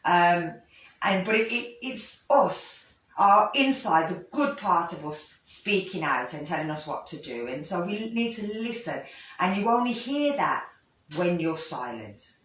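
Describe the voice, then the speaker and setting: A woman, a yoga teacher gently guiding a breathing lesson, with pauses and restarts. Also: on the low side, animated, slight background noise. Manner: gentle, instructive, with fillers and restarts. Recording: echoey room, voice from a distance.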